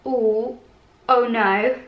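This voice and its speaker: Young british woman, high voice, bubbly and chatty, echoey room, faint music. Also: steady tone, extremely slow, narrow, tinny audio. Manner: bubbly, chatty, sympathetic, self-deprecating. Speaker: YouTuber. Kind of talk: casual reaction vlog.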